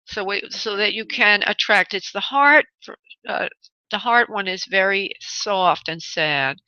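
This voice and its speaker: Bright, higher woman radio host, chatty medium, dry sound. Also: measured pace, smooth, no echo, dull audio. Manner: chatty, affectionate, laughs often. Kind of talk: call-in radio readings.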